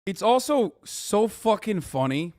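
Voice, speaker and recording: A man's voice: high-pitched, sing-song, measured pace, darkish tone. A man commenting loosely on a clip during a live stream, swearing often and laughing between thoughts. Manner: loose, profane and laughing, with frequent fillers.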